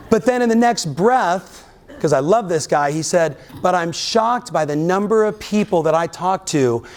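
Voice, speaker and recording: A man giving an energetic motivational keynote to a live audience, often firing questions at the crowd. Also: sits high. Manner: energetic, keeps quizzing the audience. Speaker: real estate coach and keynote speaker. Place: live event in front of an audience.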